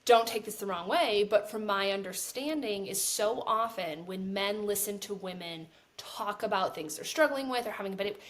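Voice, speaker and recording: A woman's voice: mid-range voice, moderate pace, hardly any pauses. A woman co-hosting a casual podcast conversation, earnest and talking in restarts with lots of "like". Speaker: podcast co-host.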